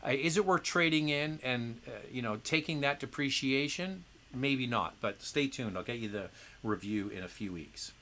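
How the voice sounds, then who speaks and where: Bright-voiced man chatting on a livestream. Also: mid-range voice, moderate pace, a little hiss or hum. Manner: chatty, opinionated, frequent fillers and restarts. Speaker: host answering viewer questions. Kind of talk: casual livestream Q&A.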